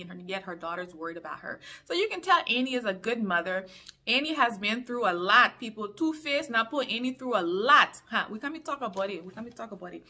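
Young woman from liberia doing a tv recap vlog, bright sharp voice, chatty. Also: fairly high pitch. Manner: chatty, opinionated asides. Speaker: YouTube reviewer. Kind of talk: casual TV recap.

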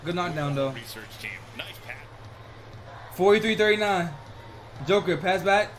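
A man hosting a basketball reaction video, talking casually in an excitable, slangy way. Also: high-pitched, slow pace, crowd noise. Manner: excitable, slangy, repeats "bro".

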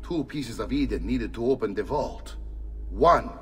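An actor playing a wise, measured male mentor in a video game cutscene. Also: mid-range voice, animated, fairly bright tone, a little hiss or hum. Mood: grave.

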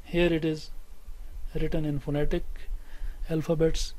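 Slow-spoken male English teacher, Pakistani accent. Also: a little high, level tone, a little mellow, low-quality recording. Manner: slow, deliberate, repeats words for students to say along. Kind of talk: recorded classroom lecture.

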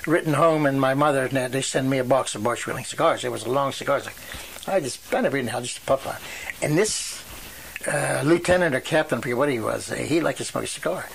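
A man's voice: mid-range voice, vocal fry, slight background noise. A man, telling rambling stories in an oral history interview and acting out the voices of the people in them. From western Pennsylvania. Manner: rambling storyteller who acts out quoted voices. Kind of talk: storytelling reminiscence.

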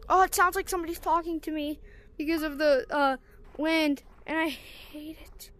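High-pitched girl gamer talking thru a game, jumpy and whiny, keeps getting spooked. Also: steady tone, normal speed, fairly bright tone. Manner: jumpy, easily startled, complaining. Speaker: game streamer. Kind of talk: casual gameplay commentary.

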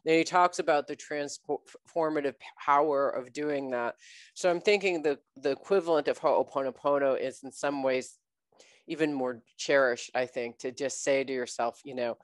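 A man hosting an interview, speaking with curiosity and often adding soft murmurs of agreement while the guest talks. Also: medium pitch, moderate pace, no room sound. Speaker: host. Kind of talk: conversational interview.

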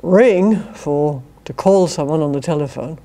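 A woman's voice: low voice, unhurried, mellow. An older British woman with a British accent, a philosophy professor giving an academic lecture to a university society, with wry, dry humour and chuckled asides. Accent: British English. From Britain.

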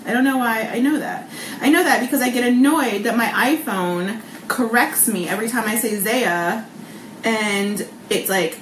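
A woman's voice: a little high, normal speed. A woman in her thirties hosting a casual live cooking vlog from her home kitchen. She talks in a bubbly, chatty way, laughs often, and fills her speech with um and like. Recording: echoey kitchen with clear background noise.

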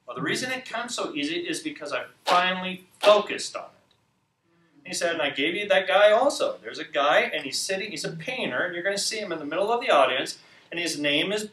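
A male minister tells a story with animated, excitable energy, acting out each scene in a bright, forceful, slightly high voice. He sits back from the microphone in an echoey room. A faint background noise runs underneath. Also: a little fast. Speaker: minister and show host. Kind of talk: storytelling teaching talk. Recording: echoey room, distant mic.

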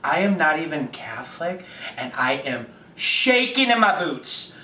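A young man hosting a reaction video, gushing dramatically and breaking into quick asides as he reacts. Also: fairly high pitch, sing-song, bright, forceful tone. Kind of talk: excited reaction commentary. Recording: echoey room, distant mic.

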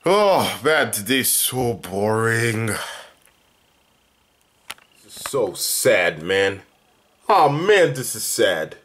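A young man vlogging at home, dramatic and whiny, swinging between loud complaints and mutters. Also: on the low side, very animated, drawn-out words, pauses often. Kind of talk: casual home vlog.

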